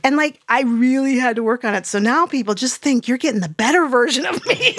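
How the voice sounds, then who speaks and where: A woman who served as a military nurse, talking as a podcast guest in a loud, animated way and laughing often. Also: sits high, heavy background noise. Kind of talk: casual conversation.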